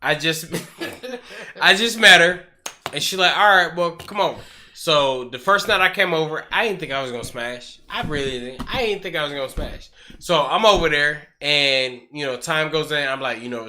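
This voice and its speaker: Man, very bright tone, profane animated storyteller, casual chat, faint background noise. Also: mid-range voice, normal speed.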